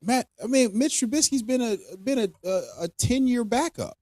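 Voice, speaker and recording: Animated ranting man, dry sound. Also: extremely high pitch, normal speed, no echo. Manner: animated, ranting, swears freely. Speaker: podcast co-host. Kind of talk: casual fantasy football chat.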